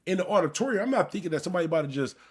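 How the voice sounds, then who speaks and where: A man's voice: sits high, rapid-fire, slightly rough. A man from Buffalo, New York, hosting a live stream and telling a rambling, profane personal story straight to his viewers. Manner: animated, rambling, profane, addresses viewers directly. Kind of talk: casual storytelling.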